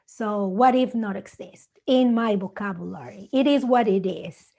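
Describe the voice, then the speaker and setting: A woman from Mexico whose first language is Spanish speaks English with a Mexican accent, telling animated stories in simple, non-native English on a conference panel. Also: mid-range voice, normal speed, creaky. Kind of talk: casual panel talk.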